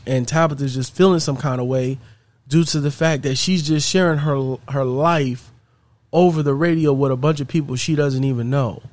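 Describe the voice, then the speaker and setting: Brief: male storyteller, mid pitch, casual conversational flow, dry close sound. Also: steady tone, normal speed, a little mellow, no room sound. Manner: conversational, repeats "she's like".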